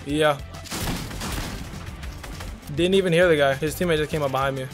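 A man's voice: fairly high pitch, steady tone, moderate pace, over loud music. A young man giving hyped, trash-talking commentary over a video game with a friend. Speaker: gaming YouTuber. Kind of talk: live gameplay commentary.

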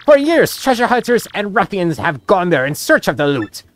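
A woman's voice: mid-range voice, sing-song, moderate pace, a little hiss or hum, natural voice. Woman putting on a boastful rich merchant man. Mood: excited. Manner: theatrical fake-Italian phrasing, grand boasts. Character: pompous rich male merchant, dramatic and greedy. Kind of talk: voicing game dialogue aloud.

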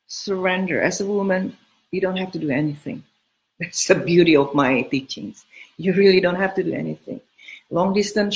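Middle-aged woman giving blunt dating advice, repeats herself for emphasis, just chatting. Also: mid-range voice. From Southern California home. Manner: frank, emphatic, repeats key words. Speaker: dating coach answering listener questions. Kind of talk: casual advice talk.

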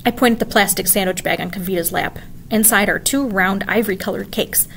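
Female teacher, storybook read-aloud; expressive, clear, soft background noise. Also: mid-range voice, fairly quick. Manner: expressive, animated reading. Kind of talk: reading a children's book aloud.

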